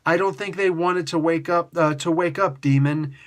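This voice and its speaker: A man's voice: fairly high pitch, moderate pace. A man casually reviewing a comic book, ranting in an exasperated way and filling his talk with "like" and "you know". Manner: animated, exasperated ranting with mock outbursts; heavy use of filler "like" and "you know".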